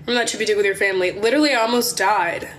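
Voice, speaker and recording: A young woman from Maryland telling a wild story on her phone livestream, chatty and animated, swearing and calling her viewers y'all. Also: mid-range voice, racing, slight background noise. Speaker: livestream host.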